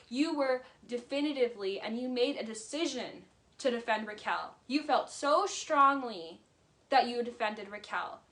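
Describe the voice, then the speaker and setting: Bright, blunt woman vlogger. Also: a little high. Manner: blunt, heated, swears freely. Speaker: vlogger recapping a reality show. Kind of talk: casual commentary.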